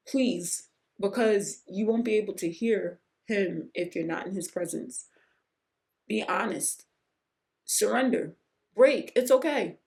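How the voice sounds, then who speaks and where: Speaking earnestly and with emotion, this middle-aged podcast host reflects on surrender from a faith perspective, frequently repeating points to stress them. She has a mid-range, creaky voice with a darkish tone.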